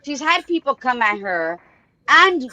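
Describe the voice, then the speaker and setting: A woman's voice: high voice, big pitch swings, unhurried, pushed and bright, low-quality recording. A woman co-hosting a podcast, chatting casually in a blunt, joking way. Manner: blunt, joking, uses cliches. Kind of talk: casual chat.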